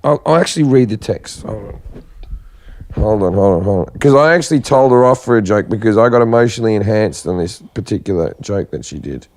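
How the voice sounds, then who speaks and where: A man's voice: fairly low pitch, animated, brisk, darkish tone. Crude laughing man telling a story. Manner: storytelling, laughs often, swears freely. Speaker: podcast host. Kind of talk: crude casual chat.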